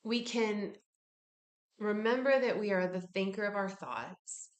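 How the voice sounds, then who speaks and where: A woman giving a casual self-help talk, relaxed and frank, with casual swearing. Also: medium pitch, unhurried, roomy sound. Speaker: wellness speaker.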